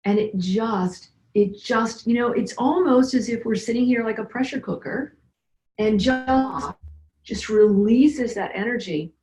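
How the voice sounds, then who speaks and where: A woman practitioner calmly guiding listeners through simple energy medicine exercises. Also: a little high, measured pace. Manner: calm guiding instructions. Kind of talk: instructional talk. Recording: roomy echo.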